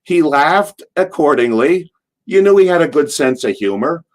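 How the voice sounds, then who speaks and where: A middle-aged man, a former wrestler, telling stories in an interview, rambling through asides and acting out what people shouted. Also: on the high side. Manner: animated, acts out quotes in a loud, drawn-out voice. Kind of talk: casual anecdotal storytelling.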